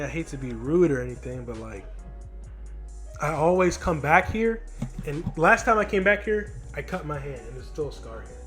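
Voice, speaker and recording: A man's voice: a little high, fairly bright tone. A 20-year-old man telling a storytime vlog on a handheld mic in a home studio. He is frustrated and rambles, swearing often and restarting his sentences. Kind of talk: casual storytime monologue. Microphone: handheld microphone.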